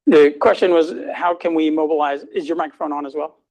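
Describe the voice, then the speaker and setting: A man's voice: on the high side, fairly even intonation, a little fast, a crowd in the background, rough recording. A middle-aged man giving a hospital grand rounds talk and taking questions, speaking informally with many fillers and restarts. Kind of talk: hospital lecture and Q&A. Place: hospital lecture room.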